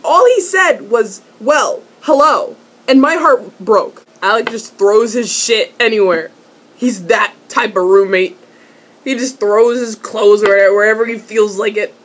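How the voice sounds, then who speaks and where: A young woman doing a casual, excitable fan recap of a TV episode, laughing, swearing and repeating herself as she rambles. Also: medium pitch, slightly rough. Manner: excitable, swearing, giggly, trailing off and repeating words. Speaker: vlogger reviewing a TV episode.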